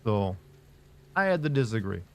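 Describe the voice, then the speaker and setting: A man streaming live who answers chat in a casual, monotone, rambling way, full of fillers and restarts. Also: lowish voice, normal speed. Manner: monotone, flat delivery.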